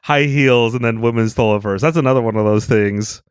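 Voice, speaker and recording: A man with a mid-range voice co-hosts a comedy podcast, speaking with facetious, deadpan irony. The recording is dry and close-miked. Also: medium pitch, brisk, clear, resonant tone, no room sound. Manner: deadpan, facetious ironic delivery. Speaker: podcast co-host. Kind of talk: casual comedic chat.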